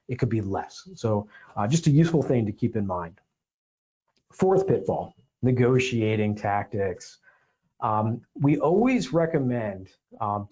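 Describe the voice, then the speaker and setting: A man's voice: fairly low pitch, mellow, slightly rough, dull audio. A man hosting a legal explainer podcast, talking emphatically with sarcastic asides. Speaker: podcast host and defense attorney.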